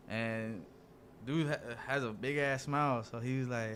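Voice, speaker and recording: A young man from the Dallas area tells a story in a laid-back, easy way, swearing freely and slipping into the voices of the people he quotes. His voice is mid-pitched, with a faint hiss of noise behind it. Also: fairly even intonation, moderate pace, fairly bright tone. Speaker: podcast guest telling a story. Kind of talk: casual storytelling among friends.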